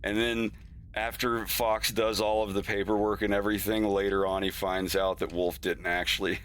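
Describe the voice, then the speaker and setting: Bright-voiced man rambling on a stream. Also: lowish voice, normal speed, a little hiss or hum. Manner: rambling, laughs often, acts out characters' lines. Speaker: animator streaming his work. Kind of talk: casual stream chat.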